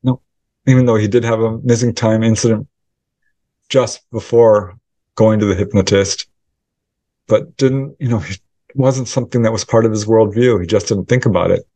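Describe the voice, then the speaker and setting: A man's voice: fairly low pitch, fairly even intonation, normal speed, pauses often, dark tone, dry recording. A man who researches UFOs, answering interview questions by telling a story and acting out the quoted dialogue in it. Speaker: UFO researcher and author.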